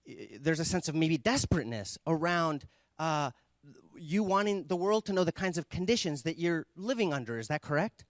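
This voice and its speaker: Man playing a calm, gentle older mediator. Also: on the high side, brisk, dry recording, natural voice. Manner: gentle, patient, questioning.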